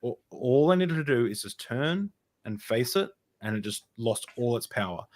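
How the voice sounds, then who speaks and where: Young man, casual storytelling, rambling, restarts a lot, medium-pitched voice. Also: lively intonation, normal speed. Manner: rambling, many restarts and fillers. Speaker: podcast guest.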